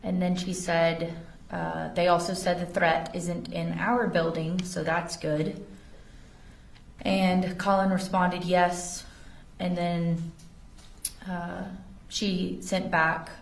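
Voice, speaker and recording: A woman's voice: lowish voice, little pitch movement, slow pace, vocal fry, slight background noise. A woman testifying as an investigator in a courtroom, carefully reading text messages aloud. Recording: echoey courtroom audio from far off.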